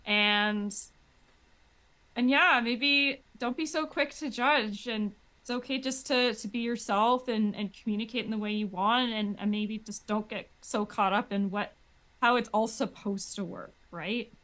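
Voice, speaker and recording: A woman's voice: on the high side, a little slow, a bit bright. Woman talking in loose, trailing phrases. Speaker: podcast co-speaker. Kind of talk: casual chat.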